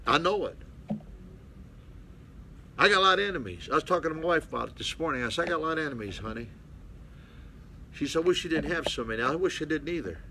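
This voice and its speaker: Blunt older male pastor, bright voice. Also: fairly high pitch, expressive, fast talker, long pauses, a little hiss or hum. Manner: blunt, calls out to listeners. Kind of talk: folksy preaching Bible study. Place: small mission hall.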